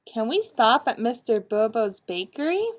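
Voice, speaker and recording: A woman voicing a polite, gentle little male cheetah in a storybook read-aloud, with a slow, emphatic delivery. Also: a little high, sing-song. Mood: earnest.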